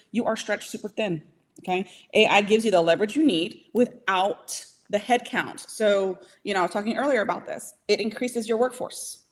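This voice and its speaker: A woman giving a live training to small business owners, talking directly and emphatically, and checking in often with "okay?" and "right?". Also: medium pitch. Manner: emphatic, coaching, keeps asking "okay?" and "right?"; direct and motivational, speeds up and slows down.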